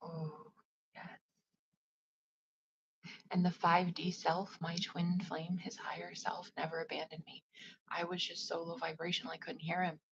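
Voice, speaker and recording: A woman, a psychic medium, talking casually on a livestream in a soft, often half-whispered voice, rambling with lots of fillers. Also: lowish voice, completely flat delivery, a little slow, creaky, pauses often, muffled recording, a crowd in the background. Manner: loose, rambling with many "like" fillers. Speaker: psychic medium and spiritual advisor.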